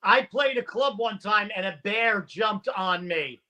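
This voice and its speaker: Male comic guest, deadpan delivery; very high, bright voice. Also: unhurried. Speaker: guest comedian. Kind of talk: casual chat.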